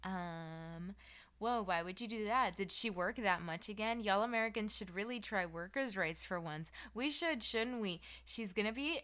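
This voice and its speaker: Young woman streamer, sleepy and giggly, playful slang, bright clear tone. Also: medium pitch, normal speed. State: sleepy, yawning. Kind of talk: casual chat reading live chat.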